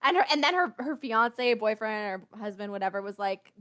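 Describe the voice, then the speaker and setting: A woman hosting a casual hockey podcast chat, enthusiastic and quick to laugh. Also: mid-range voice, animated, fairly bright tone. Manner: enthusiastic, giggly. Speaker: podcast host.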